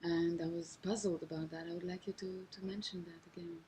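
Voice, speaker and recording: A woman's voice: on the low side, level tone, a little fast, dark tone, low-quality recording. A woman interviewer asking curious, probing questions with hesitant restarts, on an archival tape recording. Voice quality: husky.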